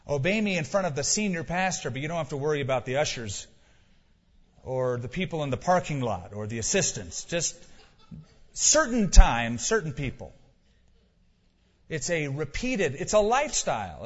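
A man's voice: fairly high pitch, sing-song, a little fast. A male pastor preaching a sermon with emphasis, asking rhetorical questions and repeating key lines for weight. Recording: dull lo-fi sound with long hall reverb.

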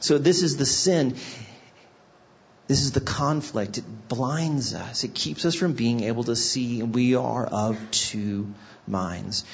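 Man, middle-aged, guest pastor, sermon, husky voice, storytelling, muffled recording. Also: mid-range voice. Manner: explanatory, storytelling with voiced asides.

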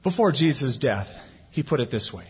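A man's voice: mid-range voice, very animated, normal speed, breathy edge. A man preaching a sermon as pastor, building emphasis and reading scripture aloud. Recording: dull lo-fi sound with long hall reverb.

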